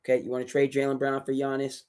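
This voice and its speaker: Man, solo sports streamer, animated rant, mid-pitched voice, sudden loud bursts. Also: fast, smooth. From New England. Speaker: sports commentary host. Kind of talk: solo sports talk livestream.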